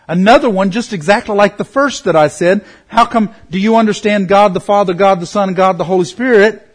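Man, high-pitched, middle-aged, Bible study teacher, earnest, emphatic slowdowns. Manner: earnest, varies pace, slows to stress key words.

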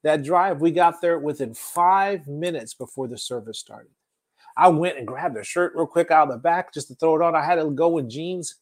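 A man preaching a sermon, telling a testimony in an animated storytelling manner that swings between loud and soft. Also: fairly high pitch, moderate pace.

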